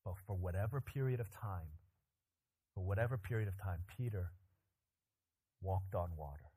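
A pastor preaching a sermon, animated and joking, with loud emphatic climbs in his voice. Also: low-pitched, moderate pace, breathy edge.

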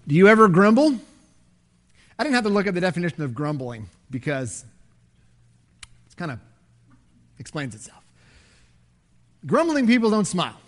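A man preaching a sermon as pastor, animated, swinging between loud emphasis and hushed asides. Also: sits high, normal speed, pauses often.

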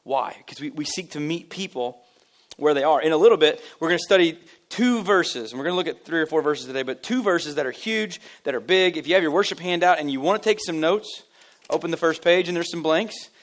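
Joking, animated male pastor preaching. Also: fairly high pitch, brisk. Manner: animated, joking, self-deprecating storyteller. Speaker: lead pastor. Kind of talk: casual conversational sermon. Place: church service.

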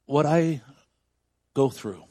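Preaching pastor, hushed to shouting. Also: male voice, a little high, lively intonation, slow, dry recording, studio quality. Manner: swings from hushed intimacy to loud shouting preaching. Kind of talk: sermon. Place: church.

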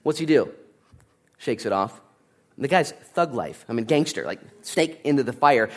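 A man's voice: medium pitch, normal speed. A man preaching a sermon, telling stories with jokes and acting out the voices of the people in them. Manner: animated storytelling, acting out voices and joking. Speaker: pastor.

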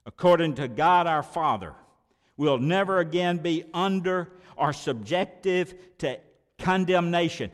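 A man delivers a sermon from the pulpit, his voice sitting a little high for a man. He drives points home with repeated words, rising to loud declarations and dropping to soft asides. The sound rings out in a church hall with a long reverb. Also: expressive, takes it slowly. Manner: emphatic preaching with repeated words and sharp swings in volume. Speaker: pastor.

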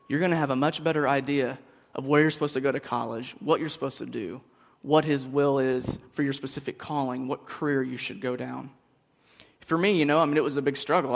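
A man's voice: mid-range voice, vocal fry. A man on a church staff giving a casual, storytelling sermon, joking with the congregation. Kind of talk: conversational sermon. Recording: long hall reverb.

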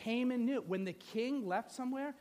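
A man's voice: very high voice, moderate pace, a little mellow. A middle-aged male pastor preaching a sermon, telling the story with playful asides and acting out the scenes.

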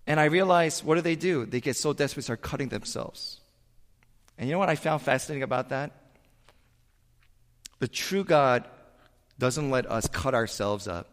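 A man preaching a sermon as pastor, telling a Bible story with animated voices for its figures. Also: mid-range voice, long reverb tail.

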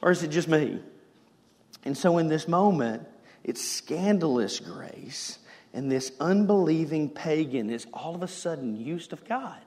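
Animated preacher in an echoey hall. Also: male voice, fairly high pitch, unhurried. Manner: animated, shifting from loud emphasis to hushed. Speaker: pastor. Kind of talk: sermon.

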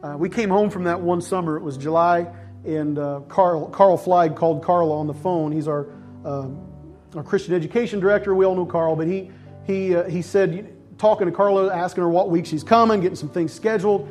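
A middle-aged male pastor telling a personal story in a sermon, acting out voices and sometimes shouting with excitement. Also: high-pitched, fairly quick, faint music behind. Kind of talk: sermon testimony.

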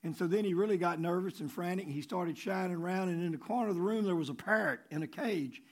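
A man preaching a sermon in a conversational way, repeating key phrases and dropping low before rising for emphasis. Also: fast talker. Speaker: pastor.

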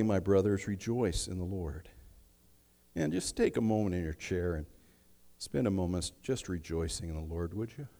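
A man preaching a sermon, emphatic, swinging between hushed and loud delivery. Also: low voice. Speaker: pastor. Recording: long reverb of a large hall.

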